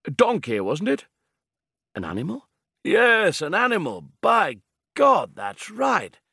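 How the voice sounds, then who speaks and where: A man voicing an excited male official in an audiobook, eager and exclaiming in a raised voice. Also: on the high side, measured pace, gravelly, breathy edge, dry recording, clean studio sound, pitched above the performer's own voice, heavily acted.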